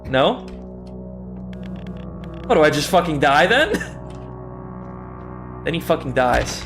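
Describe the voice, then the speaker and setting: Over music, a young man with a somewhat high, sing-song voice talks slowly through a game on a livestream. The streamer is chatty and casual, mocking himself, swearing freely and laughing often.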